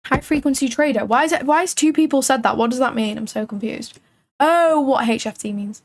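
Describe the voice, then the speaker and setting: A woman's voice: sits high, a little fast. A woman hosting a live trading stream, chatting casually and thinking aloud with frequent filler words. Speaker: livestream trading host.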